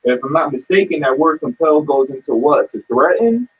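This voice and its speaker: Husky guy reading bible verses slow then pushing ppl, muffled audio. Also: on the high side, expressive. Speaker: scripture reader. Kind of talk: preaching discussion. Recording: dull lo-fi sound.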